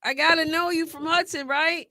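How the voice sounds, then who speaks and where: A middle-aged woman with a very high-pitched, bright, forceful voice hosts a live stream reacting to a sports draft. Speaking at a moderate pace, she chats casually and excitably, thinking aloud and talking back to viewers. The sound is dry and close, with no echo or room around it.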